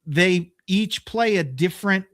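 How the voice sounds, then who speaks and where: A man's voice: sits high, measured pace, a bit bright, no room sound, clean studio sound. A man co-hosting a radio show, easygoing in casual chat and humming guitar riffs.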